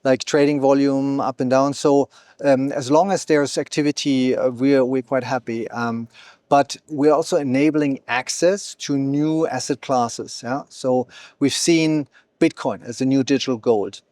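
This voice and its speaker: An exchange founder, appearing as a guest in a conversational interview at an event venue, talks fluently but keeps using fillers and restarting sentences. His mid-range voice has fairly even intonation and a slightly slow, mellow quality, on a dry, studio-quality recording.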